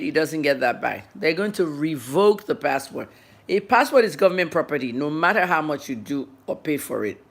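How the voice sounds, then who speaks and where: A journalist in her fifties giving a livestreamed news update, blunt and scolding her viewers while she eats and talks. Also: sits low. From Nigeria. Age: 50s.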